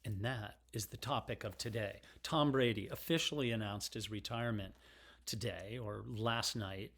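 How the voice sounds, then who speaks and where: A man's voice: lowish voice, normal speed, fairly bright tone. Middle-aged man rambling frankly to camera. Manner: rambling and digressive, frank and emotional. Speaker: vlogger. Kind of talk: casual rambling monologue.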